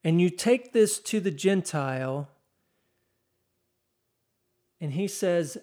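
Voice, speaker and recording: Slow, dramatic male preacher. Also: high-pitched, animated, dark tone. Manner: slow, dramatic reading of scripture with rising intensity. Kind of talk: sermon.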